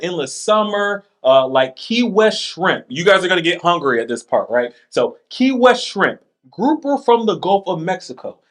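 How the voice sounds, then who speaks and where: A man's voice: on the high side, a bit bright. A man hosting a casual chat, reading items aloud with playful asides and laughs. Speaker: podcast host.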